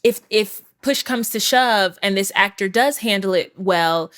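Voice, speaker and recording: A woman host chats easily and supportively with her guest. Her pitch is middling and her delivery is relaxed and conversational, with nothing unusual in the tone. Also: measured pace, clear, resonant tone. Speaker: show host. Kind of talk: casual interview chat.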